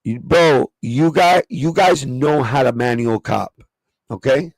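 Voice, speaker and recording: Gravelly New York man, sneaker livestream. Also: mid-range voice, slow, dry recording. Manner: profane, streetwise, chatting with live viewers. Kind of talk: casual livestream chat.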